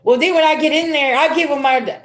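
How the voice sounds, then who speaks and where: A woman's voice: high voice, fairly quick. A middle-aged woman giving a casual spiritual reading to her viewers, talking to them as y'all in a chatty, laughing way. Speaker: spiritual reader. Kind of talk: casual tarot reading livestream.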